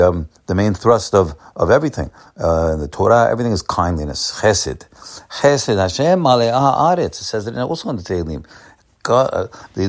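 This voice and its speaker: A man with a fairly low voice delivers a sermon to a congregation. He repeats and restarts his phrases and climbs to emphatic high points. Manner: animated, repetitive restarts, rising to emphatic peaks. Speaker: rabbi. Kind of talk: Torah sermon.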